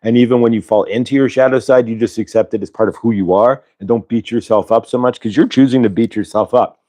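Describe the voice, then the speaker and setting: Man, card-reading livestream host, halting and rambling, mid-range voice. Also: mid-range voice, steady tone, dark tone. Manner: rambling, halting, many fillers and restarts. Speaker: channeler and show host. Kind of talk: casual spiritual livestream chat.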